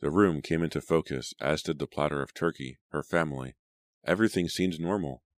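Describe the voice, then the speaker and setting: A man narrating an audiobook in a steady, measured reading. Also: a bass voice, no room sound. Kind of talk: scripted narration.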